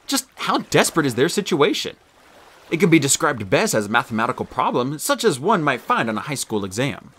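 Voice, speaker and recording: A man reading an audiobook aloud with lively, expressive storytelling. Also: mid-range voice, breathy edge. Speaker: audiobook narrator.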